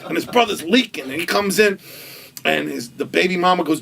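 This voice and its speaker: A man's voice: sits high, normal speed, gravelly, fairly bright tone, distant mic. A man animatedly telling a wild anecdote as a guest, acting out the quoted voices and laughing as he goes. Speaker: storytelling guest.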